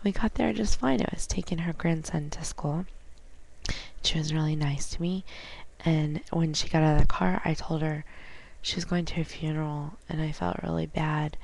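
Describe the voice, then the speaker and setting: A woman with a low voice talks casually into a home webcam. She tells a story in an animated way, acts out each side of a conversation, and now and then coughs or clears her throat. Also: moderate pace. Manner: chatty, animated retelling with quoted dialogue. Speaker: vlogger.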